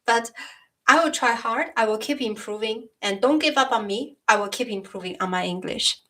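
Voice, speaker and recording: A woman from China, a Mandarin native speaker with a Chinese accent, hosting a casual livestream chat and often pausing to search for words with many fillers. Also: fairly high pitch, fairly bright tone. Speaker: livestream host. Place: home, in Scotland.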